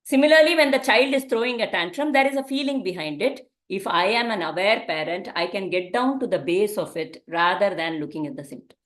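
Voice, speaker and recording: A woman's voice: medium pitch, a little fast, few pauses, a bit bright. A woman teaching a parenting class in a conversational way, often asking rhetorical questions.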